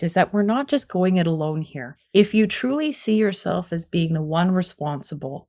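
A woman's voice: sits low, darkish tone. A middle-aged woman speaking as a parenting expert in an interview, earnest and explanatory, with frequent fillers. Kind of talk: conversational interview.

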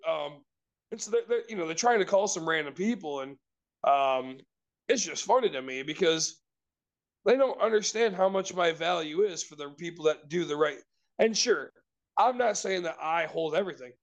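High-voiced man telling rambling stories. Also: fairly bright tone. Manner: rambling storyteller, swears freely, many restarts. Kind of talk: casual chat.

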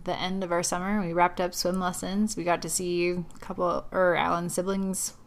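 A woman in her thirties hosting a family podcast in casual chat, chatty and quick to laugh. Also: lowish voice, little pitch movement. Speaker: podcast host.

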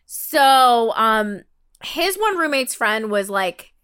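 A young woman telling a rambling, animated story in casual chat, full of fillers and acted-out quotes. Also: on the high side, slow pace, clear, resonant tone.

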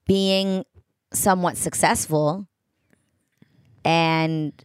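A young woman from New York talks in a lowish voice with a clear New York accent. Her speech is animated and rambling, full of restarts and asides, and the recording is dry and close with no room sound. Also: drawn-out words, no echo. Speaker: guest co-host. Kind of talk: casual podcast chat.

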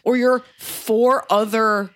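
A young woman co-hosting a casual advice podcast, blunt and jokey, with animated swings in her delivery. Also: on the high side, slow, no echo, studio quality. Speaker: podcast co-host.

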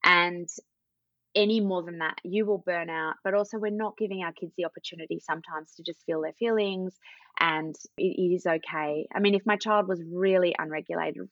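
Australian woman, 30s, low voice, dry slightly muffled podcast audio; storyteller. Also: dry recording. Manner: warm anecdotal storytelling, acts out quoted dialogue. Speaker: parenting guest, parent educator. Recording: dull, slightly lo-fi dry sound.

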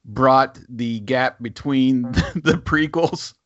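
A man hosts a relaxed conversation, easygoing and sometimes hesitant. His voice sits mid-range. The sound is dry and slightly dull. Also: mid-range voice, slow, dry recording. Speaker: podcast host. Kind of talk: casual chat.

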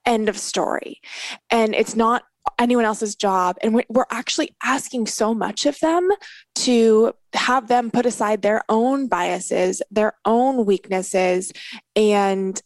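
A woman's voice: a little high, slow pace, no echo. A woman in her thirties giving a candid, earnest motivational talk as a business coach. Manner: candid and earnest, with bursts of laughter and animated quoted reactions.

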